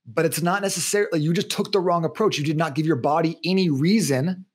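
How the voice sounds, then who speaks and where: Man, thirties, fitness guest, podcast interview, slightly high voice, animated explainer. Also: quick pace, breathy edge.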